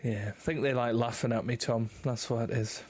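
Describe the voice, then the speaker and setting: A man's voice: mid-range voice, steady tone, brisk, darkish tone, a little hiss or hum. Guy cohosting a chatty podcast, laughs a lot, puts himself down. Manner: self-deprecating, laughs often. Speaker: podcast co-host. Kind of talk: casual chat.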